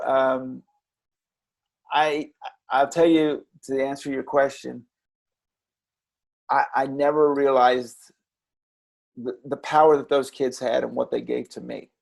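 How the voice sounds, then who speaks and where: A man reflecting earnestly as an interview guest, with a gravelly voice and frequent halting restarts. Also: medium pitch, darkish tone. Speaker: interview guest, former children's character performer. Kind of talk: reflective storytelling.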